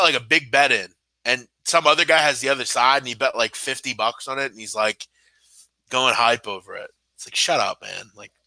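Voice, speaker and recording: A man's voice: mid-range voice, sharp tone, no echo. A young man hosting a live sports betting show, ranting with sarcasm, exasperation and heavy swearing. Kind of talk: live-stream casual rant.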